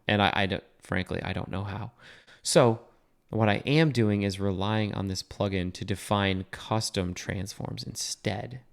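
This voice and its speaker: A young man with a fairly low voice walks through a coding tutorial as he shares his screen. He talks casually and thinks aloud, with plenty of fillers and self-corrections along the way. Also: unhurried, gravelly. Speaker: web developer teaching a coding tutorial.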